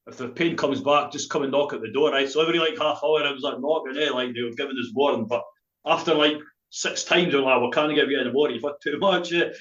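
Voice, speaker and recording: A man's voice: mid-range voice, fairly bright tone, echoey room, dull audio. A Scottish man with a Dundee accent, a spoken word poet telling a rambling, laughing story full of swearing and local slang. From Scotland.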